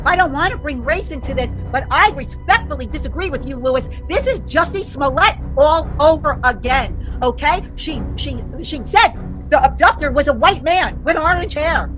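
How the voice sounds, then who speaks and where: A woman's voice: high-pitched, animated, normal speed, a bit bright, soft background music. A woman commentator delivering an angry, indignant rant peppered with profanity.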